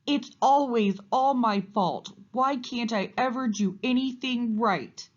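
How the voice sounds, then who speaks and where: Woman reading as a moody male moose, emotional, wailing, higher-pitched, lively voice, lo-fi sound. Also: measured pace. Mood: sobbing. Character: moody male moose, swinging from laughter to tears. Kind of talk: storybook read-aloud.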